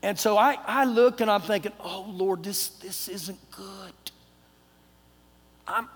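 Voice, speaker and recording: A middle-aged Texan pastor preaches a sermon in a very high-pitched voice, telling a folksy personal story and acting out the dialogue. His delivery swings between loud and hushed, and the recording carries a long hall reverb.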